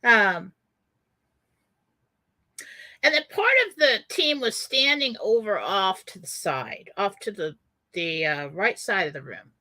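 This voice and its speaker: A woman's voice: medium pitch, animated, unhurried, pushed and bright. A woman radio host telling a personal story in a casual way, with many fillers and frequent laughs.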